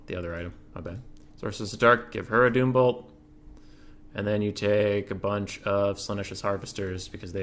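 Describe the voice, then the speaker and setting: Bright-voiced man joking through Q&A. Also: medium pitch. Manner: joking, offhand, quick replies. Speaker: host reading community questions. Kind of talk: casual gaming Q&A chat.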